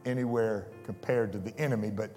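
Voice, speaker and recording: A man preaching a fervent sermon, swinging from soft asides to shouted declarations. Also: fairly low pitch, fairly even intonation, a little fast, big-room sound, faint music behind. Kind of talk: pentecostal sermon. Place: church sanctuary.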